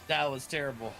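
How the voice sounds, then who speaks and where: A man's voice: fairly high pitch, bright, forceful tone. A man streaming an online game, chatting casually and rambling, often laughing at himself. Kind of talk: casual live-stream chat while gaming. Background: game music.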